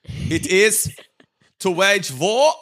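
A man's voice: high-pitched, expressive, extremely slow, a bit bright, pitched above the performer's own voice, full character voice. A man voicing a pompous older male wartime orator with a mock German accent, declaiming a speech in grand, rising tones.

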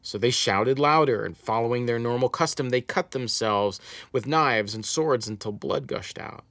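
A pastor preaching a Sunday sermon, retelling a scripture story and reading passages aloud with rising emphasis. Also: male voice, medium pitch, normal speed, a bit bright, no echo.

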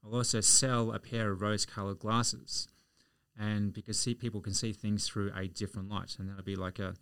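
Australian man, chatty storyteller guest, gravelly, bright tone. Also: lowish voice, little pitch movement, normal speed, no echo. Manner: chatty, anecdotal, chuckles through stories. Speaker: podcast guest. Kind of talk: casual storytelling.

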